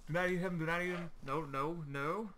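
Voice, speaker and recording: A man playing a survival game online, taunting and chasing other players while commenting in gleeful, shouted bursts. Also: on the high side, fairly even intonation, a little fast, slight background noise. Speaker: gameplay video creator. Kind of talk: trolling gameplay commentary.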